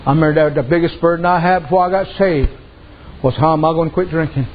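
A man's voice: fairly high pitch, fairly even intonation, fast talker, lo-fi sound, slight background noise. A man preaching a sermon in a folksy storytelling way, retelling conversations with lots of "I said". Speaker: pastor.

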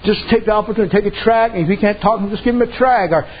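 A man's voice: sits high, rapid-fire, slightly rough, lo-fi sound. A man preaching a sermon in a folksy storytelling way, retelling conversations with lots of "I said". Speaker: pastor.

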